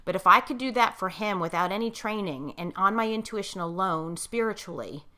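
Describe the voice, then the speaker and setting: A woman's voice: medium pitch, lively intonation, a little fast, pushed and bright. A middle-aged woman in casual conversation, talking like a coach with emphasis and checking in with her listener, and getting choked up as she tells a personal story. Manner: gets choked up while telling a moving story.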